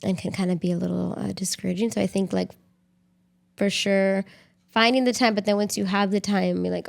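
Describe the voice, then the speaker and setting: A woman's voice: mid-range voice, fairly even intonation, brisk, gravelly. A young woman co-hosting a podcast, chatting casually with her partner in a rambling way full of "like". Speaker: podcast co-host.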